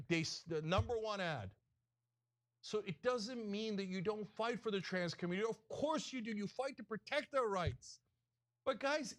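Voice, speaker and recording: A man hosting a political talk show, delivering heated, emphatic commentary with sarcastic asides. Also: high-pitched.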